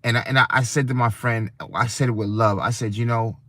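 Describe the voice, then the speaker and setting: A man's voice: medium pitch, steady tone, a little fast, sharp tone, no room sound. Dry-voiced man ranting to his chat. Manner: preachy, rambling, talks to his chat. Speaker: livestream host. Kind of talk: casual livestream rant.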